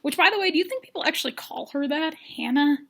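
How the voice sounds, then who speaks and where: A woman's voice: high-pitched, expressive, fast, bright, forceful tone. A woman giving a rambling, jokey recap of a dating show using toy figures. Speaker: recap vlogger.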